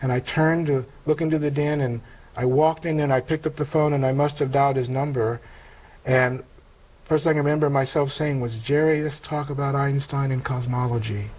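A middle-aged man earnestly telling a personal spiritual testimony in an interview, halting and emotional, with many pauses and fillers. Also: medium pitch, fairly even intonation, a little mellow, low-quality recording. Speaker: interview guest.

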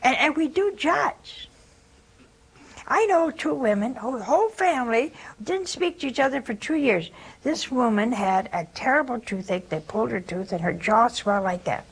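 An older woman, a nun hosting a religious call-in show, telling stories with lively acted-out dialogue. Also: on the high side, normal speed, creaky, husky, low-quality recording.

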